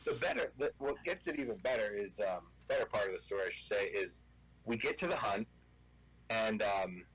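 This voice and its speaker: Man, guest storyteller, lively swooping pitch, casual chat. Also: a little fast, breathy edge, poor audio. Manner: animated anecdote teller.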